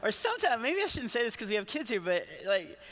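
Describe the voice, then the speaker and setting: Performing stand-up in a big church hall with a live crowd, this man in his forties rambles, mocks himself, and frequently laughs at his own jokes. His voice is very high-pitched, a bit bright, quick, and full of big pitch swings, all wrapped in long hall reverb.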